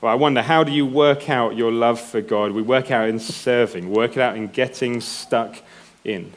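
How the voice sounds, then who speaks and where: A man's voice: medium pitch, normal speed. A man preaching a sermon in a conversational way, often checking in with the congregation. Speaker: pastor.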